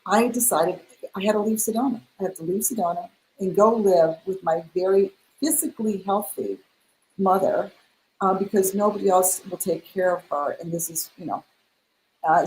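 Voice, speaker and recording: In this rough recording, a middle-aged spiritual mentor speaks at medium pitch while recounting something from her own life during an interview. She gets animated and performs the lines of dialogue she repeats.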